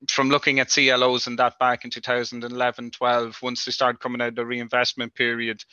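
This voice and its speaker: A man speaks in an even, level tone with a bright, clear voice, rambling through his answers and leaning on "you know, like" as he goes. The audio is dry and a little dull, like a remote call. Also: medium pitch, dry recording. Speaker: industry guest. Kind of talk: conversational interview answers.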